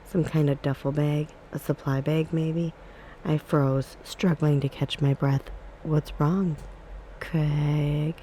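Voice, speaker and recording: Soft-spoken woman in a calm ASMR reading. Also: deep voice, measured pace, slight background noise, rough recording. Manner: calm, even storybook reading. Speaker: ASMR book reader.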